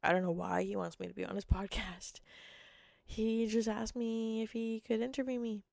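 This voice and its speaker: A young woman hosting her own podcast, hoarse and rambling, jumping between thoughts and cutting herself off. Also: on the high side, steady tone, normal speed, a little mellow, dry recording, studio quality. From Canada. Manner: rambling, jumpy, self-interrupting. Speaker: podcast host. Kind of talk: casual solo chat.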